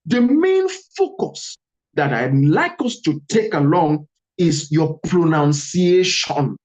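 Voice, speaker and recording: Nigerian man with a Calabar accent, lively guest speaker, muffled video call audio. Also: on the high side. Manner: animated, emphatic, repeats key words. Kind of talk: online workshop talk.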